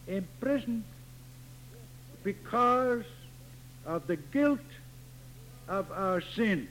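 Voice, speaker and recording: A man preaching a sermon slowly and deliberately, stressing key words through repetition. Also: sits high, expressive, a bit bright, slight background noise, rough recording. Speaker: pastor.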